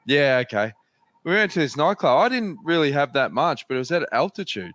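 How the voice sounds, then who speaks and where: A man's voice: a little high, big pitch swings, brisk, fairly bright tone, no echo. Australian man telling rambling yarns. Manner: swears freely, rambling anecdotes. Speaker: podcast host. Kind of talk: casual storytelling chat.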